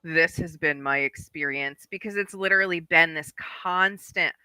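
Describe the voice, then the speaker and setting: A woman co-hosting a spiritual podcast, talking in an excited, effusive casual chat. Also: sits low, moderate pace, clean tone, no room sound. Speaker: spiritual guide and co-host.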